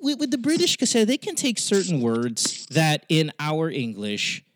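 Animated Filipino man hosting a podcast. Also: a little high, moderate pace, no echo. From Philippines. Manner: animated, swears freely, mixes in Tagalog. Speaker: podcast host. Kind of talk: casual chat.

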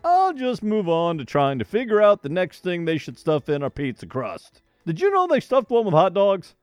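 A man's voice: high-pitched, huge pitch swings, moderate pace, darkish tone, clean tone, no echo, soft background music, pitched above the performer's own voice. A man voicing a weird-sounding, food-obsessed inner voice of his own mind. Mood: goofy. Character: goofy man's inner voice, dim and food-obsessed.

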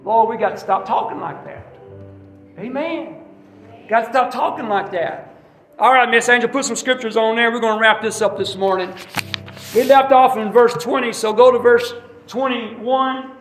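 A high-pitched man preaching a folksy sermon, calling for amens from the pews. His voice rings through a very echoey church hall, caught from far off the mic with faint music underneath. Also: moderate pace, a bit bright. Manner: folksy, preachy, call-and-response. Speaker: pastor. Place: church sanctuary.

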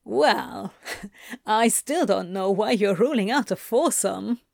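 A woman reading aloud, voicing a wry, teasing male demon in a slightly lower, softer voice. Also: expressive, measured pace, no echo, clean studio sound. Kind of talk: amateur audiobook reading.

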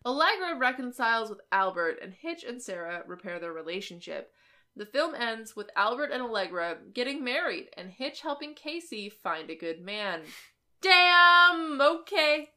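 A woman with a bright, forceful voice tears through a movie plot for a podcast. She is sarcastic and animated, swears freely and jumps between summary and mockery. Her pitch sits in an ordinary middle range. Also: normal speed. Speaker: podcast co-host. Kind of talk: casual comedic movie recap.

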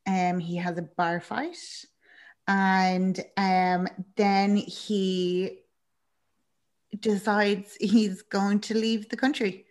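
A woman's voice: mid-range voice, drawn-out words. A young woman chatting casually as a podcast co-host, telling a film's story with lots of laughs and acted-out lines. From Ireland. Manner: chatty and animated, laughing often, acting out characters' lines. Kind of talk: casual chat recapping a film.

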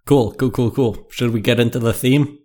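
A man's voice: medium pitch, normal speed, darkish tone. A young man co-hosting a casual podcast, trading dry, teasing banter. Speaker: podcast co-host. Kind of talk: casual chat.

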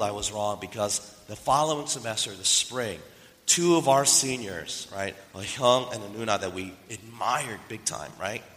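A pastor giving a sermon, telling a story and asking the listeners questions. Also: male voice, mid-range voice, bright, forceful tone. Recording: reverberant hall.

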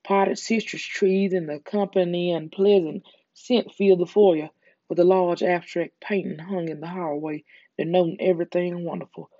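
An ASMR storyteller with a Southern US accent, calm and soothing, reading a story slowly to a close mic. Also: mid-range voice, no echo. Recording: dull lo-fi recording.

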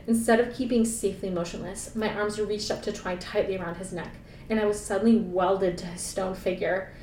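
A woman's voice: steady tone, fairly quick, darkish tone. A woman podcast co-host reading a novel aloud, breaking off for playful, sarcastic jokes. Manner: playful, laughing, sarcastic asides. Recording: echoey room, mic at a distance, faint rumble.

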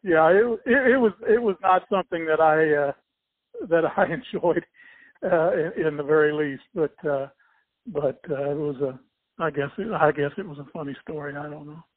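An older man recalls his childhood with a halting, rambling delivery, stopping and restarting his sentences. His voice sits a little high for a man. The sound is thin and tinny like a phone line, and completely dry with no room around it. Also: no echo. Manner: halting and rambling, many restarts, chuckles as he tells. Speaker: interviewee, former swimmer and coach. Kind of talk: casual spoken recollection.

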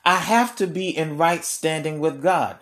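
A man preaching a sermon in a conversational way, repeating key lines slowly for emphasis. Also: a little high, fairly bright tone.

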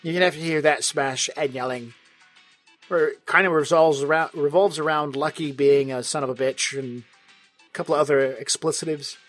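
As game master of a tabletop game, a man with a fairly high, fairly bright voice narrates quickly in a steady tone. He's playful and wry, often laughing between lines, with faint music in the background.

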